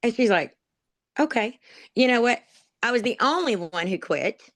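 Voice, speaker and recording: Slightly high-voiced with lively intonation and a moderate pace, this woman is heard with no room sound. Interviewed as a dog program graduate, she tells her life story as conversational testimony, rambling emotionally, often saying "um" and laughing at herself.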